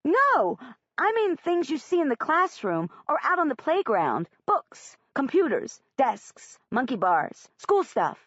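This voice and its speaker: A woman narrating a first-person audiobook in an expressive, plain-spoken way. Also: sits high, a little slow, few pauses, no echo. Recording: dry, slightly muffled audiobook recording.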